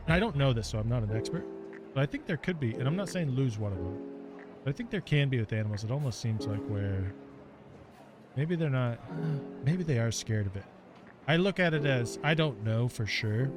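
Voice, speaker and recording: A man in casual podcast chat who hedges and thinks out loud, circling back and restarting his points. His voice sits at an ordinary middle pitch. Gentle music plays clearly behind him. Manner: hedging, thinks aloud with restarts. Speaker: podcast co-host.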